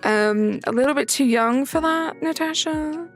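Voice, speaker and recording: A woman's voice: high-pitched, measured pace, soft background music. A young woman streaming a game, chatting casually and answering chat messages aloud.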